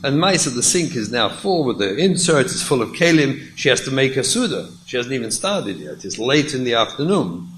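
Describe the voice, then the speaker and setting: A man, a rabbi, telling a lively story in a lecture and acting out the dialogue. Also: mid-range voice, brisk, hardly any pauses, a little hiss or hum, poor audio.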